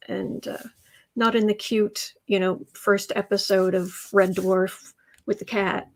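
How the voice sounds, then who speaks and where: A woman hosting a casual tarot livestream from home, rambling and breaking off to calm her pets. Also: medium pitch, a little slow, rough recording. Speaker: tarot reader and livestream host.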